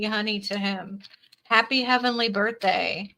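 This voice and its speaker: A woman's voice: medium pitch, steady tone, moderate pace, pushed and bright, slight background noise. A woman reading tarot on a live stream, who repeats her phrases and reads viewers' comments aloud. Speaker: tarot reader.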